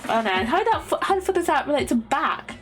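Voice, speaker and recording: Faint lo-fi music plays as a young woman streams a word-guessing game, swearing all the while and reasoning aloud through her guesses. Her high-pitched voice swings widely in pitch and moves a little fast.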